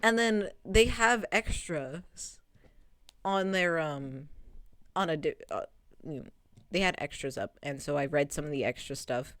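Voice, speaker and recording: Lower-voiced woman rambling about a game. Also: unhurried, no room sound, clean studio sound. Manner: rambling, animated, swears freely, laughs often. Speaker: streamer. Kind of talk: casual game recap chat.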